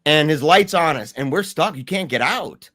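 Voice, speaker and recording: A man guest telling a story in casual talk, animated, with many restarts and fillers. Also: a little high, moderate pace, no room sound, studio quality.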